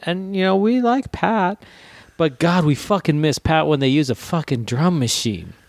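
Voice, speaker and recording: A man's voice: on the high side, normal speed, vocal fry, no echo, clean studio sound. A man co-hosting a podcast in casual chat, swearing freely and laughing often. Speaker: podcast co-host.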